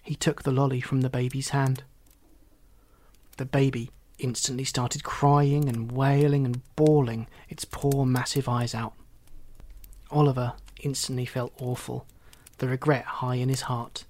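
A man reading a children's story aloud, gently and expressively, doing the characters' voices. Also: mid-range voice, level tone, a little slow, no room sound.

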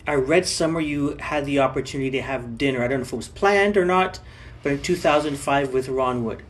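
A man's voice: mid-range voice, fairly quick. A man hosting a podcast, asking a musician questions in a loose, chatty way and stumbling over his words. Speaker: podcast host. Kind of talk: casual interview.

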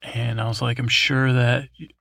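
A man's voice: medium pitch, little pitch movement, moderate pace, gravelly, fairly bright tone, no echo, clean studio sound. A man hosting a podcast, telling a meandering, improvised bedtime story full of fillers and restarts. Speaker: podcast host.

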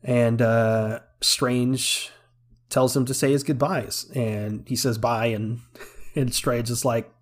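Steady in tone and slow-paced, this mid-range male voice belongs to a podcast co-host. In a laid-back movie review conversation, he walks through a film one scene at a time, laughing and using plenty of fillers.

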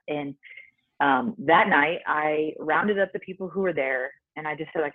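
A woman's voice: sits low, animated, fairly quick, husky, no echo. A woman in her forties, a podcast guest, talking in a casual, earnest and reflective way with many filler words. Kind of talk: casual interview chat. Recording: dry, tinny phone-like line.

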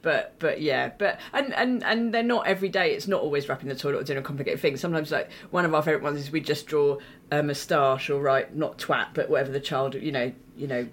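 A woman's voice: deep voice, fast, few pauses. A woman, a comedian rattling through rambling, sweary stories on a podcast. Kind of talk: casual chat.

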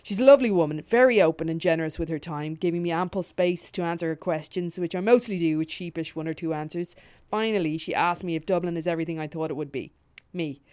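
A woman's voice: lowish voice, quick pace, hardly any pauses, darkish tone, clear, resonant tone. A woman reading a funny story aloud on a podcast, often laughing, stopping to comment and swearing freely. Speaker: podcast co-host.

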